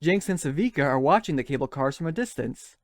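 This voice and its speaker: A man's voice: on the high side, expressive, quick pace, no echo. Scathing, profane male critic. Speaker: show critic. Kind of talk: scripted sarcastic commentary.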